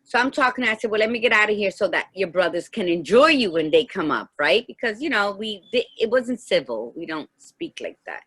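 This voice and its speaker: Bright-voiced woman telling heartfelt stories. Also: medium pitch, big pitch swings, fairly quick, few pauses, husky. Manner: heartfelt storytelling, acts out dialogue. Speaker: podcast co-host. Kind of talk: casual chat.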